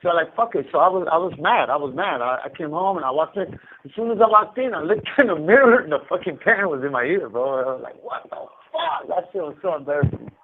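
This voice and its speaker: A man on a prison phone line tells rambling stories with plenty of cursing. His voice sits fairly high and swings widely in pitch. The line is thin and tinny, like an old phone. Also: quick pace. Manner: animated storyteller, heavy swearing. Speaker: incarcerated caller. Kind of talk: casual phone chat.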